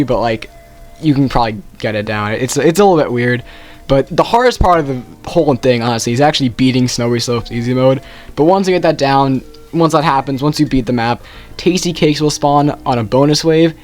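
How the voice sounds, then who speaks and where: A man's voice: mid-range voice, a little mellow. A young man casually ranking video game quests, rambling and correcting himself often. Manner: rambling, self-correcting, with frequent "like". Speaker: gaming youtuber.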